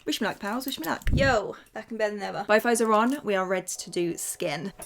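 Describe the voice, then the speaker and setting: A woman's voice: mid-range voice, expressive, brisk, gravelly, a little hiss or hum. Bubbly woman chatting through makeup. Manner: chatty and bubbly, talking straight to viewers. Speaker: beauty vlogger. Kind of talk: casual makeup tutorial chat.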